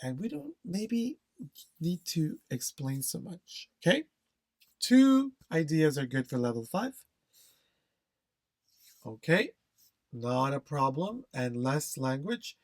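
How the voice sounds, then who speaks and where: An English test instructor with a fairly high voice teaches an exam-prep lesson, stressing key phrases, repeating them, and checking in with "okay?". The recording has no echo.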